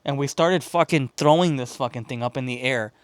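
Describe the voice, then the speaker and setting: A podcast host from Chicago rambles through a story, swearing freely and acting out the voices of the people in it. His voice sits at an ordinary middle pitch for a man. The sound is dry and close, with no room around it. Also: a little fast, no echo. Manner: profane, rambling, animated retelling with quoted voices. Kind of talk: casual storytelling.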